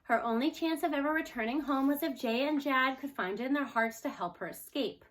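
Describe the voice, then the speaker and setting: Bright-voiced woman reading aloud. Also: high-pitched, fairly quick. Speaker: storyteller. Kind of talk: reading a children's book aloud.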